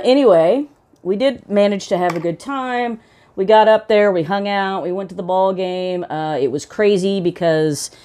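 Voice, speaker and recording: A woman's voice: deep voice, mellow. A woman hosting her own pipe-smoking vlog, chatting casually to camera in a rambling, self-mocking way with plenty of fillers.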